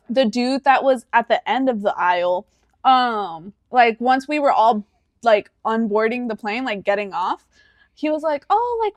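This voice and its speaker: A woman's voice: a little high, dry recording. Chatty young woman telling stories. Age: 20s. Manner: animated storytelling, acting out quoted voices, many fillers. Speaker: podcast co-host. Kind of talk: casual chat.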